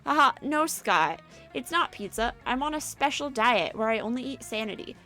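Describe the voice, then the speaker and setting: A woman voicing a cheerful eldritch horror schoolgirl who gushes excitedly and stammers when flustered. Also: fairly high pitch, normal speed, faint music behind. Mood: chirpy. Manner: gushing and excitable, stammers happily.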